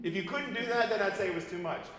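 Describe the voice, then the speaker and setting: A man's voice: high-pitched, fast. Man coaching singers in an echoey hall. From United States. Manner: lively, demonstrative, sings vocal examples mid-sentence. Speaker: voice teacher leading a master class. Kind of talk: coaching singers in a master class. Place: large recital hall. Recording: echoey hall recording from far off, faint piano.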